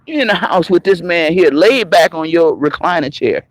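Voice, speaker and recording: A man with a raspy voice, an online commentator delivering a confrontational, profane, mocking rant on a live stream. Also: fairly high pitch, animated, normal speed, no echo, poor audio. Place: moving around on the go, patchy signal.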